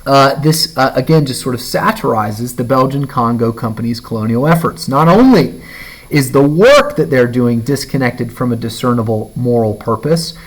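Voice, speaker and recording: A male teacher talks his students through a novel in a recorded lesson. His voice sits at an ordinary middle pitch. He checks in with "all right?" and "okay?" after nearly every thought, fills gaps with "uh", and slows down when he reads a passage aloud. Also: animated, low-quality recording. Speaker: high school English teacher. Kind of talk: recorded literature lecture.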